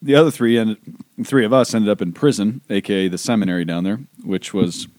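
A man's voice: fairly low pitch, fairly quick, darkish tone, dry recording. A man in his thirties co-hosting a podcast, a priest reminiscing about seminary days with a joking tone. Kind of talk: casual podcast chat.

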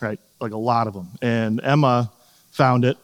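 Preaching in a reverberant church sanctuary, this man in his thirties keeps the tone conversational, frequently asking "right?" and acting out quotes. His pitch is medium, his tone steady, his speed normal.

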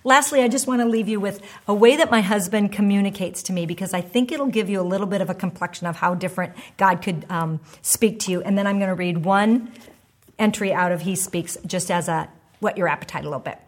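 A woman in her fifties giving a devotional teaching talk, animated and emphatic, sometimes dropping to a soft hush. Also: medium pitch, brisk. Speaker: devotional speaker and author.

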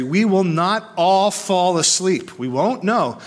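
A middle-aged male pastor preaching to his church with a somewhat high, bright-edged voice. He talks earnestly and conversationally, then drives his points home with fervent, emphatic delivery. His tone stays direct and urgent throughout. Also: normal speed, few pauses. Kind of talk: sermon. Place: church service.

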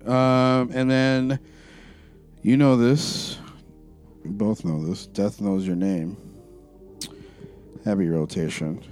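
Lower-voiced wisecracking podcast man. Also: fairly even intonation, slow pace, pauses often, darkish tone, soft background music. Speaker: podcast co-host. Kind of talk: casual chat.

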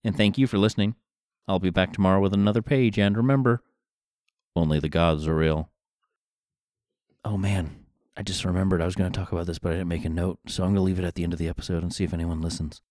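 Low-voiced man musing aloud, dry. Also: steady tone, fast, a little mellow, no echo. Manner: thinking aloud, conversational and wry. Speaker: podcast host. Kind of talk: casual solo book commentary.

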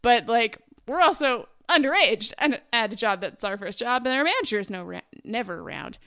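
A woman's voice: fairly high pitch, animated, brisk, a bit bright. A young woman co-hosting a podcast, telling stories in a casual, giggly way with lots of filler words. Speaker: podcast co-host. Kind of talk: casual chat.

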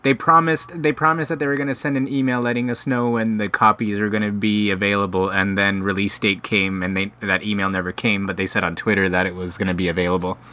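A man's voice: lowish voice, flat delivery, quick pace, few pauses, bright, forceful tone. A man on a casual gaming podcast, rambling as he explains things at length.

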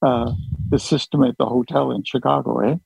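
A man's voice: medium pitch, fairly even intonation, fairly quick, creaky, darkish tone, breathy edge, dry recording, highs cut off. A man hosting a group call, chatting casually and joking at his own expense. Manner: chatty, joking, self-deprecating. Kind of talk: casual chat.

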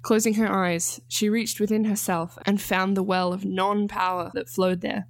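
Calm woman reading her own story. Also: medium pitch, moderate pace, gravelly, no echo. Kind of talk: scripted narration.

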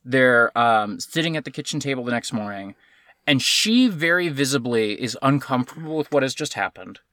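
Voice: mid-range voice, expressive, normal speed, pushed and bright, no room sound, studio quality. A podcast co-host ranting about a film in casual chat, swearing often and sounding exasperated.

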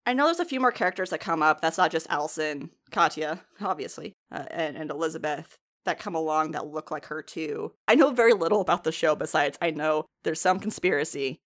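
A woman's voice: low voice, a little fast, hardly any pauses. A young woman chatting casually, recapping a TV episode with lots of swearing and laughter. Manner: animated, swears freely, laughs often.

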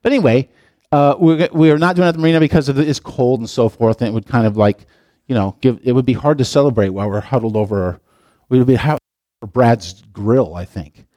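His mid-range voice has a dark tone and carries no echo as this pastor preaches in the sanctuary, stressing and pausing through scripture readings, then drifting into casual tangents with the congregation.

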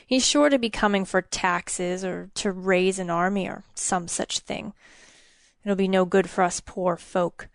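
A woman voicing a gruff, suspicious middle-aged male miller who grunts and growls his words. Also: mid-range voice, unhurried, dry recording, studio quality.

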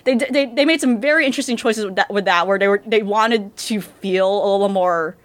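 A woman's voice: mid-range voice, brisk. A woman co-hosting a podcast, chatting casually and rambling with many fillers and restarts. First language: English. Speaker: podcast co-host. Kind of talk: casual chat about anime dubs.

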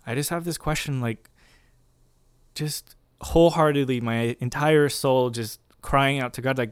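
A man, a marriage and family therapist, earnestly sharing his faith story in a casual conversation, reflective and soft-spoken. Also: medium pitch, steady tone, a little slow, clear, resonant tone, no echo.

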